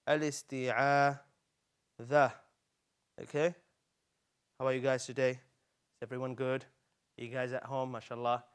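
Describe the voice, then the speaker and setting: A man hosting a live children's Quran lesson, speaking in an animated and coaxing way and repeating words slowly for young learners. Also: mid-range voice, clean tone. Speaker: Quran teacher.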